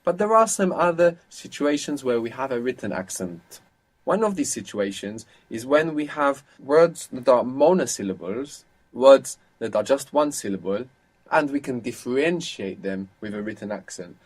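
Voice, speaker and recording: A man's voice: mid-range voice, lively intonation, moderate pace. A man teaching as a language teacher on an audio course, patient and explaining things step by step.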